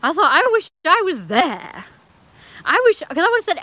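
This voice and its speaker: A woman's voice: very high voice, very animated, normal speed, pushed and bright, dry recording. A young woman on a live stream, telling a rambling, indignant story and swearing freely.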